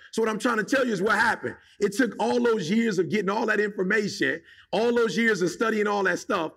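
A man's voice: high voice, creaky, a bit bright, slightly rough. A man giving a motivational talk in an emphatic, casual, slangy way, firing off rhetorical questions at his listeners. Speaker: motivational speaker.

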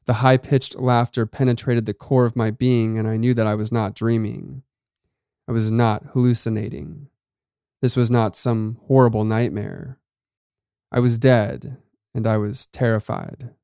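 Smooth-voiced male story narrator. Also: medium pitch, mellow, dry recording, clean studio sound. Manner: measured, dramatic reading. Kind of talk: scripted first-person story narration.

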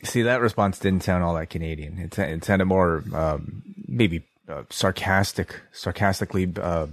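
A man's voice: sits low, moderate pace, no echo, studio quality. A man co-hosting a casual podcast, asking wry, teasing questions. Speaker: podcast co-host.

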